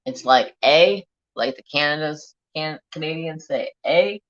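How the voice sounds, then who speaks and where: A man's voice: a little high, unhurried, a bit bright, lo-fi sound. A man from California hosting a craft channel, chatting casually and rambling with a loose, drawling, joking manner. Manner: rambling, self-talking, joking, loose Southern-tinged drawl. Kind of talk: casual live-stream chat.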